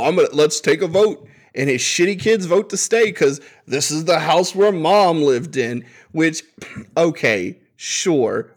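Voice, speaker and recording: A man co-hosting a podcast in casual chat who rants in an animated way and swears freely. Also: on the high side. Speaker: podcast co-host.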